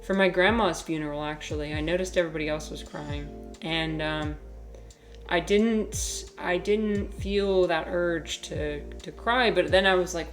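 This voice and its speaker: A woman talking casually on a livestream, reading chat aloud. She is animated, swears freely, laughs often and uses many fillers. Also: fairly low pitch, unhurried, soft background music.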